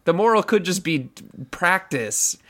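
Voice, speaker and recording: Joking podcast co-host, lively voice. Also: medium pitch, background noise. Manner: joking, quick asides, laughs often. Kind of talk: casual chat.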